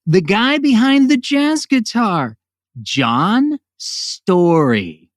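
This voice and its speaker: A man's voice: high voice, very animated, drawn-out words, no echo, studio quality. A man hosting his own podcast, ranting in a sarcastic, profane monologue that jumps between jokes and voices. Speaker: podcast host.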